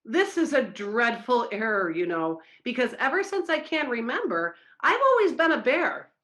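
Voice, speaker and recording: Woman reading as a sleepy gentle bear. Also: mid-range voice, very animated, slow pace. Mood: pleading. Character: sleepy puzzled male bear, gentle and insistent.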